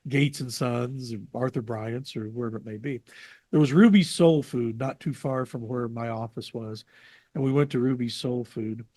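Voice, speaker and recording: A man being interviewed over a video call, telling lively anecdotes and acting out the people he quotes. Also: mid-range voice, moderate pace, no room sound. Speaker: interview guest, jazz radio producer.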